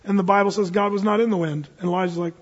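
A male pastor preaching a sermon, animated, acting out characters from scripture with big swings in pitch and loudness. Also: rapid-fire, husky. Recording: muffled recording with long hall reverb.

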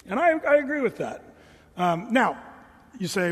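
Husky-voiced pastor preaching in a reverberant hall. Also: male voice, sits high, moderate pace. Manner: casual, animated storytelling with voiced quotes. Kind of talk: sermon.

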